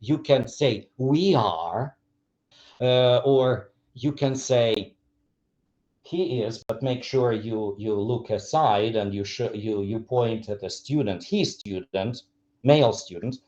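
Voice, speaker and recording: A man with a Ukrainian accent lecturing teachers on English, repeating example phrases with exaggerated intonation and often asking "clear?". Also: lowish voice, a little slow, darkish tone, muffled recording.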